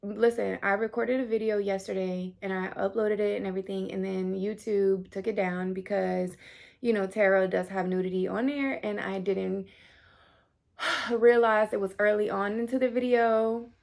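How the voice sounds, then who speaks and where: A woman's voice: mid-range voice, steady tone, moderate pace, vocal fry, darkish tone. A woman in her thirties giving a casual tarot reading to camera, chatty, full of fillers, and swearing now and then. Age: 30s. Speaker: tarot reader.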